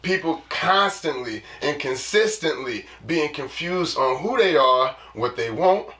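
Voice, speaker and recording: A man hosting a podcast in casual chat, animated and jokey, acting out little scenes as he talks. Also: fairly high pitch, unhurried, recorded from a distance. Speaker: podcast host. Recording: roomy echo, voice a bit off mic.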